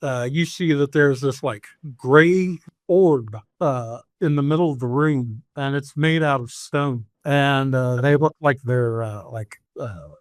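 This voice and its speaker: A man narrating a tabletop game as game master, halting often with ums and likes. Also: medium pitch, no echo, clean studio sound.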